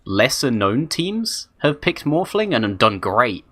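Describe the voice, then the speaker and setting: A man's voice: mid-range voice, very animated, a little slow, a bit bright, husky, no echo, studio quality. A man doing live esports color commentary, conversational and analytical. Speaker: esports co-caster.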